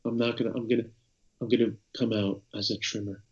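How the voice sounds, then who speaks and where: Animated Irish man telling stories. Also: mid-range voice, fast, muffled recording. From Ireland. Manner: animated storyteller, frequent restarts. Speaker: podcast co-host. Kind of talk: casual chat over a call. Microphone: video call.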